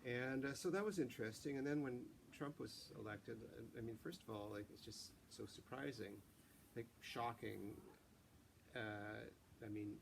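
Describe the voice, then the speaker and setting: A man, the author, chatting haltingly about his novel and then reading passages aloud. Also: mid-range voice, vocal fry, background noise. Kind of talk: book reading and chat.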